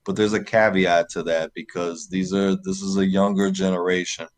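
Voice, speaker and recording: A man co-hosting a sports podcast, giving his view in a measured, deliberate way. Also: deep voice, little pitch movement. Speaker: podcast co-host. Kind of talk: casual sports chat.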